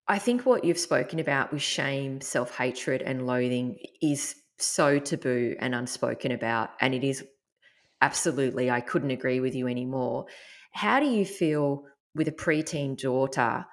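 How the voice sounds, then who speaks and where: A woman hosting a podcast interview, asking gentle probing questions. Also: very deep voice, moderate pace. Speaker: podcast host.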